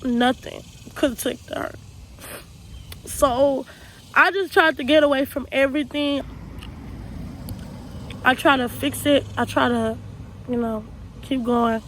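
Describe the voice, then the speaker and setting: A woman's voice: high voice, steady tone, measured pace, pauses often, a bit bright, slight background noise, low-quality recording. A young woman from Texas telling her life story to camera, earnest and raw, often repeating herself in loose casual speech. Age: young adult. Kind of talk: personal storytime monologue.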